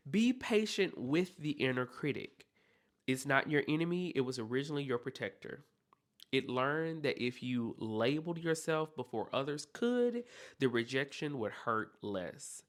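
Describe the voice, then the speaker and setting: Male podcast host, heartfelt encouraging monologue, very animated pitch. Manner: earnest, encouraging, speaks straight to the listener.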